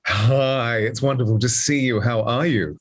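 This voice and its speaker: A man's voice: medium pitch, measured pace. A man commenting as a guest co-host, talking in an expansive, meandering way full of fillers. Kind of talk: casual commentary.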